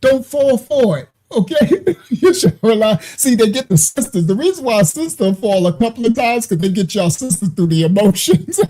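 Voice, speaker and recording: A man's voice: extremely high pitch, sing-song, moderate pace, dark tone. A man hosting a ministry livestream who teaches casually, answers viewer comments, tells loose stories and laughs often. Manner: laughs often, loose storytelling, frequent "right?". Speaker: ministry host.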